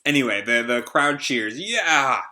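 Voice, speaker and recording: A man's voice: medium pitch, lively intonation, a little slow, bright, forceful tone, a little hiss or hum. A man hosting a casual live reaction, reading out a comic chapter and rambling with lots of fillers and restarts. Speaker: manga reaction host.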